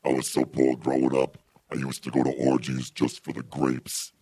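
A man doing stand-up comedy, telling deadpan one-liners, heard as a played recording. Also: very deep voice, moderate pace, background noise.

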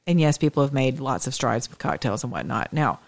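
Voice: mid-range voice, animated, fairly quick, no room sound. A talk radio host delivering an emphatic, scornful opinion monologue on a close studio mic. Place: Atlanta area.

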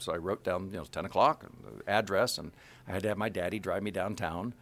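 A man's voice: low voice, quick pace. A man from the Kansas City area telling an anecdote about his career as a voice actor, acting out the dialogue as he goes.

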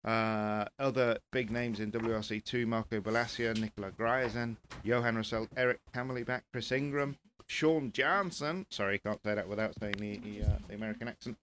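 Lively rally pundit, a man. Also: on the low side, a little fast, hardly any pauses, a little hiss or hum. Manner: lively, stumbling restarts. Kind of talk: casual panel chat.

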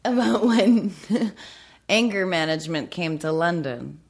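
A woman joining a casual podcast, nudging the storyteller with hesitant prompts. Her voice sits low with a gravelly fry. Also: animated, unhurried.

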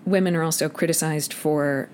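Low-voiced woman audiobook narrator. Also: normal speed. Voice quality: fairly deep voice for a woman. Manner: animated, demonstrates voices mid-sentence. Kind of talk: conversational interview. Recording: faint background noise.

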